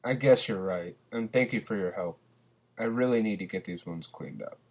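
A man's voice: fairly low pitch, normal speed, a little mellow. A man reading the part of a battered, worn-out wounded man who speaks in a weary, strained way.

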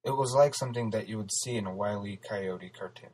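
A man reading a story aloud as narrator, steady and even. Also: on the low side, fast, low-quality recording. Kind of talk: audiobook narration.

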